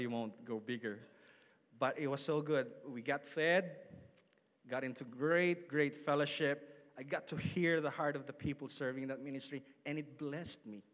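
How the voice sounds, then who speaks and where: A man in his thirties, a pastor, preaches a casual storytelling sermon in a church hall. His medium-pitched voice has a fairly bright tone, and he stays chatty with frequent asides to the congregation.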